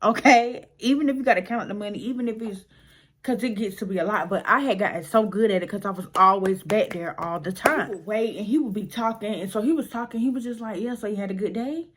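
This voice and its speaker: A young woman vlogger telling a casual storytime tale, animated and slangy, acting out the people in it. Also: mid-range voice, quick pace, husky. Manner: animated, slangy, acts out voices.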